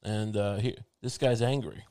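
A man's voice: fairly low pitch, fairly even intonation, normal speed, mellow, clear, resonant tone. A man hosting his show in a meandering, wry casual monologue, thinking aloud with many restarts. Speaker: show host.

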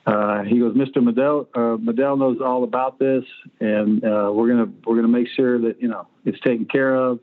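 A man's voice: medium pitch, fairly even intonation, moderate pace. Older male guest in his sixties, blunt and salty anecdotes, heard over a thin phone line. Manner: blunt, profane anecdotes with acted-out quotes. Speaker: guest, former pro quarterback. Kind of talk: storytelling interview.

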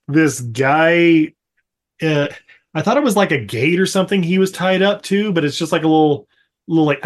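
A man co-hosting a podcast, recapping a movie in a rambling, profane way full of fillers and laughter. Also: a little high. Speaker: podcast co-host. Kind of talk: casual movie recap chat.

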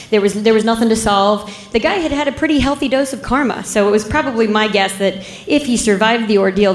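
A woman, a police officer, telling a story in an unhurried, wry way and laughing at the grim parts. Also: mid-range voice. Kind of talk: casual spoken storytelling. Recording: roomy echo.

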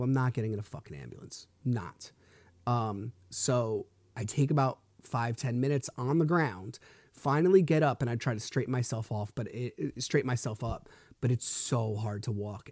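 A man's voice: medium pitch, darkish tone, no room sound, clean studio sound. A man in his thirties hosting a solo podcast, telling a personal story bluntly with plenty of swearing. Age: 30s. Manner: blunt and profane, retelling events with heat. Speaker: podcast host. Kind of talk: casual solo storytelling monologue.

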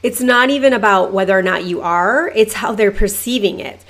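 A woman hosting a podcast, talking casually and acting out her own thoughts in hushed asides. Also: mid-range voice, brisk. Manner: chatty, lots of "like", acts out inner voices in whispers. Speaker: podcast host. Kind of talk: casual motivational monologue.

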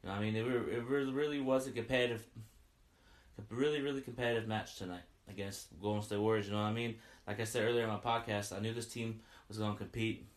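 Sports podcaster, man, low voice, eager fan recap, echoey room. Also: fast. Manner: excited fan, repeats "you know what I mean". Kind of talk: casual post-game fan recap.

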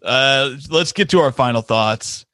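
A man hosting a casual podcast, laughing often and swearing freely. He reads listener comments aloud in a relaxed way. The sound is close and dry, with no room around it. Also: medium pitch, a little slow, no room sound. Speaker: podcast host. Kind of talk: casual chat.

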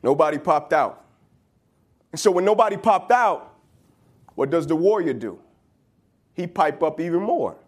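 A man telling a motivational story in an animated, slangy, conversational way. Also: on the high side, unhurried, pauses often.

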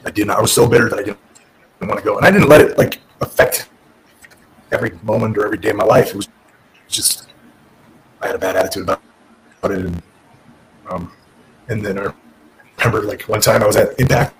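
A man's voice: fairly low pitch, vocal fry, slight background noise, rough recording. A middle-aged man, a former pro wrestler, candidly telling his career story in an interview, frank and profane, often restarting his sentences.

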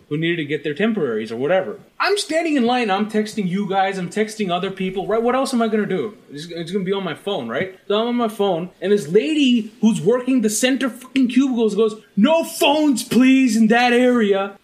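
A man co-hosting a podcast, telling an annoyed story in a casual, profane rant. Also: sits high. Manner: animated, profane ranting storyteller. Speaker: podcast co-host. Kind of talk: casual chat.

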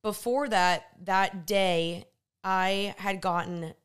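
Young woman with a smooth clear voice. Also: mid-range voice, slow. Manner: expressive, chimes in, laughs easily. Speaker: co-host. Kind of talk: casual storytelling chat.

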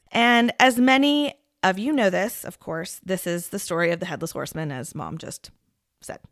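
A woman's voice: lowish voice, moderate pace, dry recording, clean studio sound. A woman in her thirties hosting a podcast, telling a story in a chatty way and laughing often. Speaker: podcast host. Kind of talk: casual storytelling chat.

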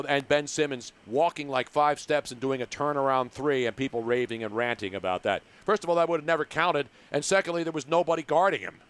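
A man's voice: fairly high pitch, fairly bright tone, clear, resonant tone. An older man hosting a sports radio show, chatting casually with a joking, teasing manner. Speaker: radio host.

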